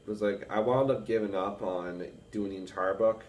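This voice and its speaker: A young man with a baritone voice, rambling casually to camera with many fillers about reading and analyzing music. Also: normal speed, a little mellow, distant mic, slight background noise. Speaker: music student vlogger. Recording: echoey room with faint music.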